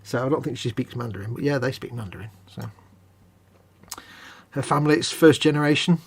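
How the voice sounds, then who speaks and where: A man's voice: mid-range voice, a little fast, creaky, breathy edge. A man, co-hosting a live stream, chatting casually and rambling as he reads out viewer comments. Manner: rambling, chatty, self-correcting.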